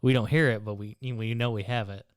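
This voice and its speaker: A man with a Michigan accent trades jokes in a relaxed podcast chat and laughs easily. His voice sits a little low. The sound is close and dry, like a small studio. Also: quick pace, smooth, no room sound. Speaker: podcast co-host. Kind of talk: casual chat.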